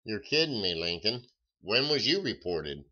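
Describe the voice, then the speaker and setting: A man's voice: on the low side, big pitch swings, normal speed, bright, forceful tone. A man chatting casually on a live stream, drawling and folksy as he answers viewers' comments. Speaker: live-stream coin seller. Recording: dull lo-fi stream audio.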